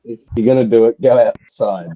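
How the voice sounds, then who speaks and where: A man's voice: medium pitch, moderate pace, narrow, tinny audio. A man co-hosting a livestream, chatting casually, swearing a lot and telling crude jokes. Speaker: livestream co-host. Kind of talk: casual chat.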